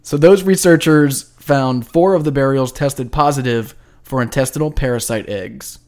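A man in a loose podcast chat, walking through a science story. He cracks jokes, laughs easily and swears offhandedly, with a voice of middling pitch. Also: normal speed, darkish tone. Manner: jokey, laughs often, swears casually. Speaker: podcast co-host.

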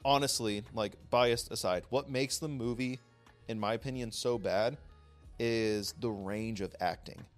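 A man co-hosting a casual podcast chat, ranting in an animated, profane way. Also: fairly low pitch, a little slow, soft background music. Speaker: podcast co-host.

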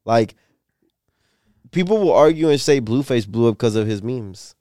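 A man's voice: medium pitch, animated, moderate pace, dark tone, no room sound, clean studio sound. A young man co-hosting a podcast, blunt and laid-back, swearing freely in casual chat. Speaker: podcast co-host.

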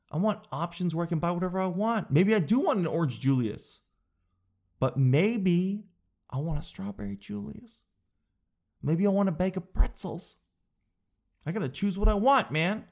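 Casting: young male host, comic monologue, jumps between high clerk impressions and a low flat deadpan. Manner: animated storytelling, acting out clerks in a high voice; drops low and slow to demonstrate a flat no. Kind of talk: comedic monologue.

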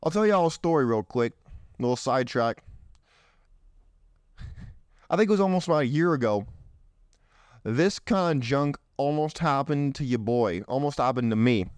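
A man's voice: mid-range voice, lively intonation, moderate pace, long pauses, clear, resonant tone, no room sound, clean studio sound. A young man hosting a show, giving blunt, provocative commentary while reading a dating list aloud. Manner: blunt, provocative, slips into mocking voices for others. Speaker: podcast host.

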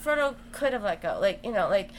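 A woman in casual chat, animated and giggly, with casual swearing. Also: mid-range voice, brisk, slight background noise.

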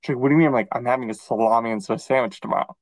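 A man co-hosting a podcast, chatting casually and acting out quoted dialogue in an animated storytelling manner. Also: mid-range voice, racing, no room sound, poor audio. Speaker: podcast co-host. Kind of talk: casual chat.

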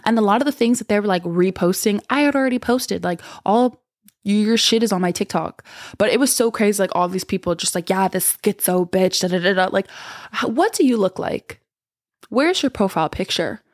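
A woman's voice: mid-range voice, animated, fairly quick, no echo, clean studio sound. A young woman hosting a podcast in casual chat, talking bluntly, with lots of swearing and rambling asides. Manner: blunt, profane, rambling and candid. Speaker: podcast host.

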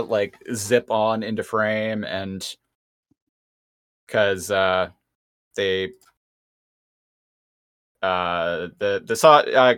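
Slow, low-voiced man recapping a show. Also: fairly bright tone, smooth. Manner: recaps plot with hesitant fillers. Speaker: podcast co-host recapping the episode. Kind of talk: casual chat.

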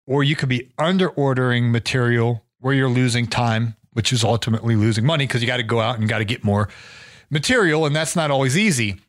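A male podcast host tells a story casually and quickly, in a mid-range voice that's a little worn because he's losing it. He fills his speech with fillers and frequently restarts his sentences.

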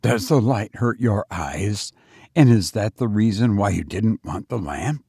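Male reader playing a brisk, sharp middle-aged sister; husky and dry. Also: on the low side, lively intonation, no echo.

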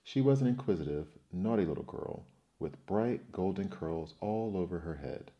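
A man narrating a children's fairy tale in an expressive, measured storytelling manner. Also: low voice, lo-fi sound.

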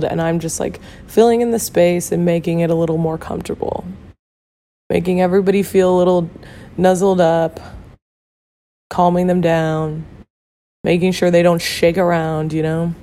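A woman hosting a casual solo podcast, her voice hoarse and rough after losing it, talking candidly with swearing and lots of fillers. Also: lowish voice, fairly even intonation, normal speed, dark tone. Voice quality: rough, gravelly. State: hoarse from a lost voice. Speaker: podcast host.

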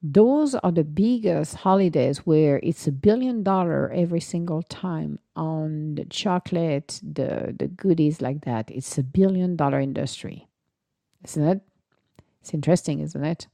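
Chatty French-accented woman host, dark voice. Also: sits low, measured pace, creaky, no room sound. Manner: chatty, animated storytelling with French words mixed in. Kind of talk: casual solo live chat.

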